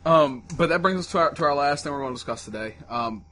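A man co-hosting a podcast in casual chat, an animated storyteller who laughs often. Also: a little high, quick pace. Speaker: podcast co-host.

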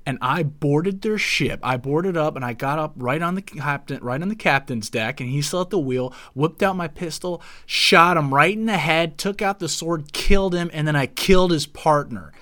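A man in casual chat, telling an animated story about a game and speeding up in the action. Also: on the high side, normal speed, few pauses. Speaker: gamer in group chat.

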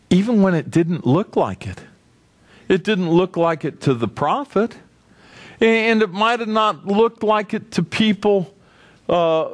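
This preacher has a high voice, and the recording carries no echo. In his sermon he narrates energetically, voicing the figures himself and questioning the congregation as he goes.

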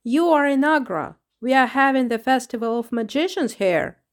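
A woman's voice: high-pitched, animated, normal speed, voice pushed up. A woman voicing a proud, easily offended talking carpet in a storybook. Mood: haughty. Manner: haughty, smirking.

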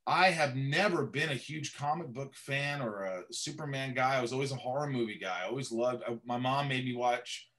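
A middle-aged man with a bright, forceful voice, spinning casual interview anecdotes. He slips into the voices of the people he quotes, keeping each story lively. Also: medium pitch, normal speed, few pauses. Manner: animated, acts out quoted voices. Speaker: actor guest.

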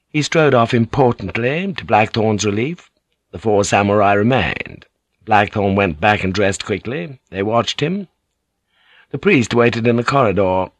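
A man's voice: lively intonation, measured pace, dry recording, clean studio sound. A man narrating an audiobook in a scripted style, shifting his voice slightly for characters. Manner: voices characters with light shifts in pitch and broken English.

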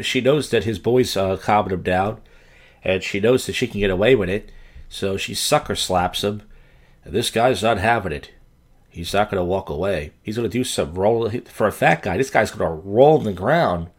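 A man hosting a comedy podcast, giving crude, sarcastic running commentary on a video clip. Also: fairly low pitch. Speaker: podcast host.

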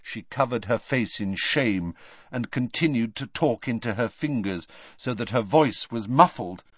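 A man narrating an audiobook with an expressive, varied delivery. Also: medium pitch, measured pace, breathy edge, dry recording, dull audio. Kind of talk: scripted narration.

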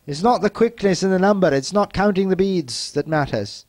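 A man giving a self-help teaching talk, speaking slowly and repetitively, gently insistent and often dropping to a soft, quiet delivery. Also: high voice, animated, no room sound.

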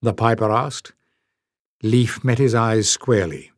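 A man narrating a fantasy audiobook in a steady, even storytelling manner. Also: on the low side, a little slow, no room sound, studio quality. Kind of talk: scripted narration.

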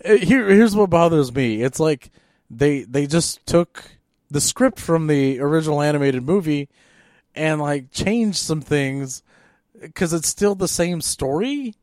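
A man's voice: fairly high pitch, measured pace, no echo. Ranting podcast guy, dry mic. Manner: animated, exasperated ranting with frequent fillers. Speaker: podcast co-host. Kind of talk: casual movie-rant chat.

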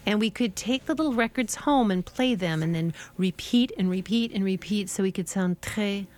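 A woman, a French teacher, chatting as a guest on a radio show and telling stories with a lively, laughing manner. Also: mid-range voice, moderate pace. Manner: chatty storyteller, laughs often. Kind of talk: casual radio interview chat.

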